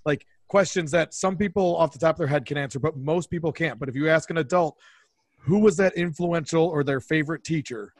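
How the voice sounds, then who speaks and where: A man's voice: on the high side, fairly quick, no echo. A man hosting a casual interview, a teacher himself, asking curious, rambling questions. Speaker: podcast host, teacher.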